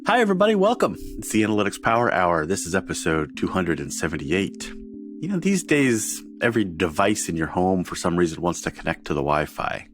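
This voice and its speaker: A man's voice: low voice, brisk, faint music behind. A man hosting a podcast in a casual, joking way, laughing often as he introduces his co-hosts and guest. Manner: jokey, animated, laughs often. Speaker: podcast host.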